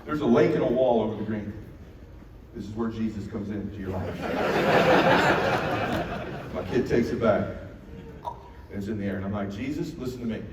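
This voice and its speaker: A man giving a motivational keynote, telling a story in an animated way, acting out quotes and bursting into shouts. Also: fairly low pitch, moderate pace, pauses often. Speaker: keynote speaker. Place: large event hall. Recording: echoey hall, mic from far off, noisy.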